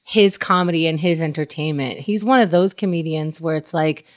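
Blunt, exasperated woman with a lowish voice. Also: normal speed. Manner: blunt, exasperated, swears freely. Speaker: podcast co-host. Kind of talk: casual chat.

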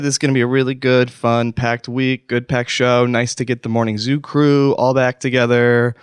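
A man hosting a comedy podcast alone in a studio, rambling and lurching from hushed self-soothing to outbursts. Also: medium pitch, level tone, normal speed, hardly any pauses, clear, resonant tone, no room sound. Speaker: podcast host. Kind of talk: comic solo rant.

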